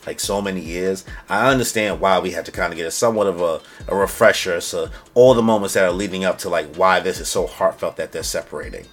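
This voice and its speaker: A man's voice: low-pitched, fast, few pauses. A young man giving a casual, slangy, emphatic recap of a manga chapter as a reviewer. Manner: slangy and emphatic, acts out characters' lines.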